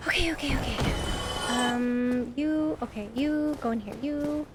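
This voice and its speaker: A woman's voice: high-pitched, a little slow, heavy background noise. A woman streaming a video game live, commenting as she plays, nervous and swearing, talking to the enemies on screen and laughing at her own fear.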